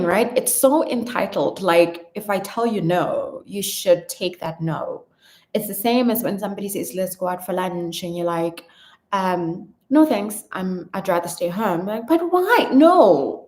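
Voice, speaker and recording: A chatty woman vlogger answering viewer questions in a casual Q&A. Her voice sits a little low and sounds through an echoey room. She is animated, laughs easily and sometimes trails off. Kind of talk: casual Q&A vlog chat.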